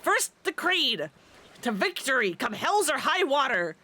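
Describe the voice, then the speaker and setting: A woman reading out a gruff, scornful woman drill sergeant from a video game, barking orders. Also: high voice, very animated, a little slow, pushed and bright, exaggerated voice.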